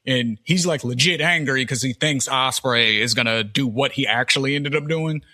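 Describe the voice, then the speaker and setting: A man's voice: medium pitch, moderate pace, bright, forceful tone. A man co-hosting a wrestling review podcast, rambling casually through fillers as he quotes what he was thinking. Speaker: podcast co-host.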